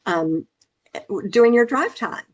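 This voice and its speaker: A woman's voice: fairly high pitch, lively intonation, slow, dull audio. A middle-aged woman from Memphis, Tennessee, speaking as an author guest in an interview, earnest and emphatic, repeating phrases for stress. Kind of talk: interview conversation.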